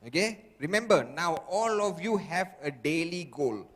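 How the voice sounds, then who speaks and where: Casting: emphatic sales trainer, man with a high voice, long hall echo. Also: animated, unhurried, fairly bright tone. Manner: emphatic, repetitive, constant "okay?" checks with audience. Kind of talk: motivational seminar talk. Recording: echoey hall.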